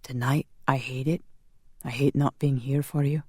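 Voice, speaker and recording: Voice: steady tone, moderate pace, husky, no room sound, clean studio sound, lightly acted. A narrator voicing a grave vampire. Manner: low, quiet and grave. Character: centuries-old male vampire, weary and protective.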